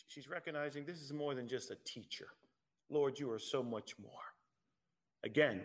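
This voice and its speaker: A man's voice: mid-range voice, a bit bright. A man preaching a sermon, reading scripture aloud and pressing his point with emphatic rhetorical questions.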